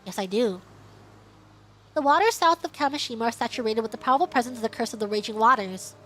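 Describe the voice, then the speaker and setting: A woman voicing a calm, solemn male psychic investigator in a game, speaking in measured, grave lines. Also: a little high, soft background music, lightly acted.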